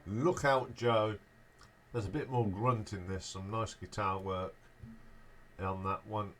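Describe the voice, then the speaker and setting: A man casually ranking albums as a show host, speaking in a relaxed, offhand way and trailing off at the ends of his remarks. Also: lowish voice, takes it slowly. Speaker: music reviewer, show host.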